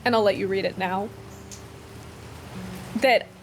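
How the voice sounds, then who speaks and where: A woman's voice: medium pitch, fairly even intonation, slow pace, vocal fry, slight background noise. A woman reading a story aloud and breaking off for chatty, enthusiastic commentary. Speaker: book vlogger.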